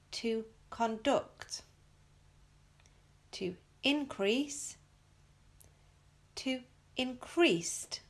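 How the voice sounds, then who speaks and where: A woman on a recorded pronunciation drill, saying each word twice with the stress moved. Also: on the high side. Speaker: pronunciation audio speaker.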